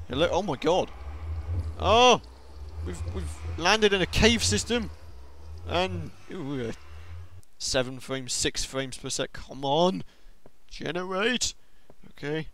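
A young man giving excitable let's-play commentary on a game, talking to himself and to the monsters. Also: fairly high pitch. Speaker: gaming video host.

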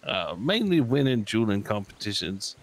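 A man's voice: on the low side, sing-song, moderate pace. A man roleplaying a Western gunslinger, talking in a laid-back drawl. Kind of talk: in-character roleplay chat.

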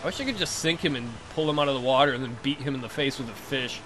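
A young man commentating his own game play casually, excitable and jokey, swearing often and talking back at the game. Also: mid-range voice, fast, background noise. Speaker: let's play host.

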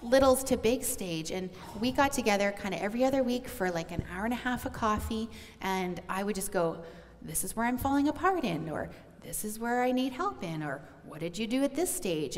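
A middle-aged woman sharing earnestly on stage in a church, speaking directly to mothers in a conversational sermon. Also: mid-range voice. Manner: earnest, heartfelt, addressing moms directly. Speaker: pastor's wife sharing on stage. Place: church auditorium. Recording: long church hall reverb.

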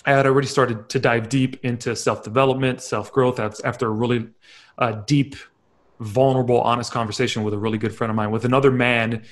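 Candid man telling his life story. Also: mid-range voice. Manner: candid, reflective storytelling with acted-out inner quotes. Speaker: confidence coach. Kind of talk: personal story talk.

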